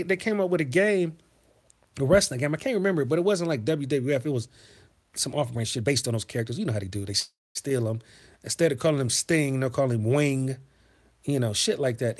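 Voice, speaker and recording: A man chatting on a livestream, telling childhood stories and answering his chat. His voice sits a bit high and swings widely, and he bursts into loud, cursing rants. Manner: profane, animated, swings into loud outbursts. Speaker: livestream host reading chat. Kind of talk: casual storytelling to a live chat.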